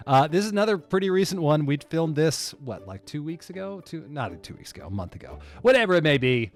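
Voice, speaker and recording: A man's voice: on the high side, very animated, brisk, few pauses, soft background music. Chatty man hosting a joking commentary. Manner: jokey, chatty asides. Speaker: video creator and host. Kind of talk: casual creator commentary.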